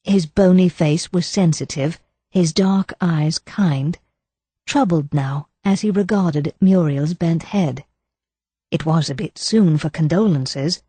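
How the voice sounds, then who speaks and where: A woman narrating a cozy mystery audiobook in an even, measured storytelling style. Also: low voice, slightly rough, dry recording. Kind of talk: scripted narration.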